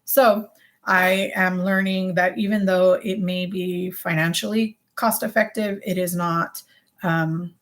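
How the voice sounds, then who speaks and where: A woman's voice: fairly low pitch, steady tone, slow pace, a bit bright. A woman vlogger chatting casually to her viewers, rambling and correcting herself with many fillers. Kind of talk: casual vlog chat.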